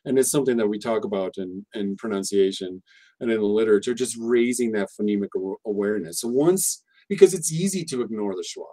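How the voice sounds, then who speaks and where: A man's voice: on the low side, fast talker, dark tone. A man talking casually on a podcast about teaching pronunciation, rambling and restarting often. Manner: rambling, frequent restarts and fillers, explanatory. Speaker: English teacher guest.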